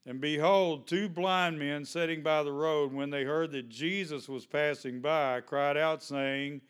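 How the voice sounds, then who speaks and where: A man's voice: a little high, fairly even intonation, unhurried, few pauses, smooth. A male pastor, preaching a sermon in a conversational way, full of questions to the congregation.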